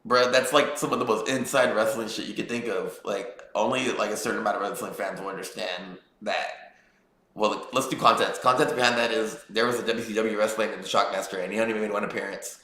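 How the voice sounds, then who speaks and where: A man's voice: fairly low pitch, fairly even intonation, a little fast, bright, forceful tone, echoey room. A young man casually telling a rambling, profane story as a streamer, packed with fillers like "bro". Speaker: streamer recapping a wrestling event.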